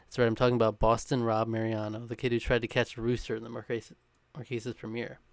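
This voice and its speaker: A man reads a countdown script at a quick clip, now and then breaking into a chuckle. His voice is smooth and crisp, and the recording is dry and close, with no room sound. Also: medium pitch, completely flat delivery, no room sound. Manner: brisk, chuckling between lines. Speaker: co-host reading a countdown. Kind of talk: scripted read with casual chat.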